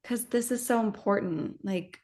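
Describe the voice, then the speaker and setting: A woman actress talking casually in an interview, animated and rambling, with many fillers and restarts. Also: mid-range voice, a little slow.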